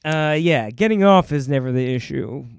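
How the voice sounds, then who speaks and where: A man's voice: fairly high pitch, animated, moderate pace, creaky, smooth, no echo, studio quality. A man, a stand-up comedian, chatting casually on a podcast, rambling and self-mocking as he tells stories from his shows. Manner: rambling, self-mocking, acts out bits in voices.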